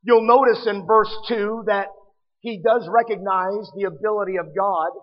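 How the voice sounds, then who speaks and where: A man's voice: sits high, steady tone, moderate pace, long reverb tail, muffled recording. A man preaching a sermon, emphatic and appealing directly to his listeners.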